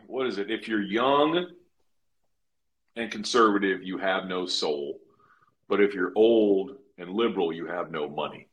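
A man co-hosting a podcast, telling stories in a loud, profane, animated way. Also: fairly low pitch, measured pace. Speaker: podcast co-host. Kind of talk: casual podcast banter.

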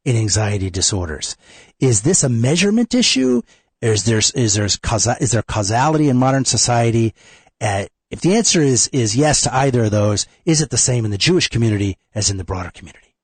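A man's voice: on the low side, slightly rough, dry recording. A man hosting a radio talk show, a little congested from a cold, talking in a plain conversational way. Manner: conversational, repeats phone numbers. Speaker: radio host.

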